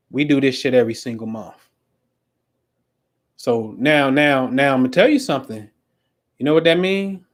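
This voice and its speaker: A middle-aged man hosting a livestream as an astrology coach, talking in a slangy, emphatic way and repeating himself for stress. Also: mid-range voice. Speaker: astrology coach and show host. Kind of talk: casual livestream talk.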